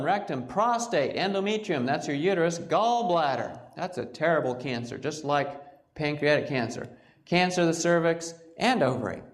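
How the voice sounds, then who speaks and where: A male physician giving a health lecture in a storytelling way, with lively acted-out quotes from patients. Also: on the high side. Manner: animated, acts out patients' quotes.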